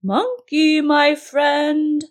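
A woman's voice: medium pitch, sing-song, measured pace, husky, heavily acted. A woman doing a sly coaxing crocodile. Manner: sweet-talking, coaxing. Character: huge slow-witted scheming male crocodile. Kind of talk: storybook reading.

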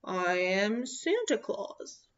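Woman doing a soft-spoken gentle Santa Claus. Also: on the low side, sing-song, a little slow, breathy edge, lo-fi sound, full character voice. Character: gigantic kindly old Santa Claus, man.

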